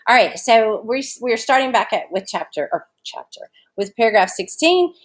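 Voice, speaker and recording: A woman's voice: on the high side, big pitch swings, moderate pace. A woman teacher giving a recorded online lesson from home, explaining a short story in a casual, chatty way with fillers.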